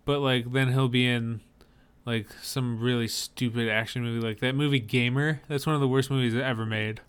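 A man's voice: medium pitch, steady tone, normal speed, clear, resonant tone. A man co-hosting a podcast, chatting casually about movie trailers and explaining details with frequent restarts. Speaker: podcast co-host.

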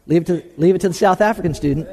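A man preaching a teaching sermon, halting with many hesitations and repeated words, then pressing his points emphatically. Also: high-pitched, dark tone, long reverb tail. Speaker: preacher teaching a class on the problem of evil. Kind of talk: sermon-style teaching talk.

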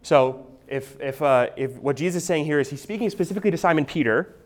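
A man's voice: a little high, fast. A man preaching an expository sermon as a pastor, explaining in a conversational teaching manner with frequent restarts and an asked "right?".

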